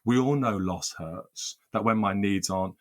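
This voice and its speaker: Answering interview questions earnestly, a male workplace mediator builds lists of phrases and often repeats words when starting over. He speaks at normal speed in a fairly low-pitched voice.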